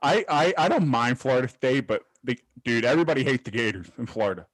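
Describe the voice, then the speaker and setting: A man from Miami co-hosting a casual podcast, excitable and quick to joke. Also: medium pitch, husky, no echo. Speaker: podcast co-host.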